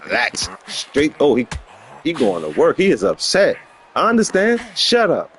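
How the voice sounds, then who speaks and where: A man's voice: on the high side, wildly swooping pitch, moderate pace, slight background noise. A man hosting a casual live stream, bantering playfully with viewers while he plays a boxing video game. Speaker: gaming streamer.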